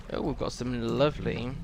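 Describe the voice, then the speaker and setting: Rambling man with a gravelly voice. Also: mid-range voice, noisy background. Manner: rambling, self-correcting, chuckles to himself. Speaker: gaming channel host. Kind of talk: casual gameplay commentary.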